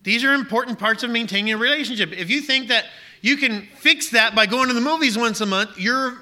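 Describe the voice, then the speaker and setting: A man's voice: very high-pitched, fairly quick, pushed and bright. A pastor preaching a sermon, urging his listeners on with emphatic rhetorical questions.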